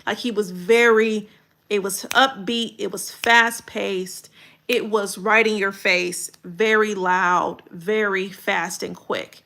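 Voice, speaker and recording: A woman coaching content creators in a livestream video critique, talking in a direct, colloquial and animated way. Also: medium pitch, slow pace, creaky.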